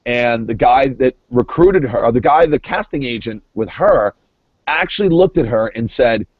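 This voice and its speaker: A man's voice: medium pitch, lively intonation, normal speed, dry recording. Emphatic man on a tinny phone line. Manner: emphatic, repeats words while building points. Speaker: guest, former reality show contestant. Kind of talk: casual podcast chat.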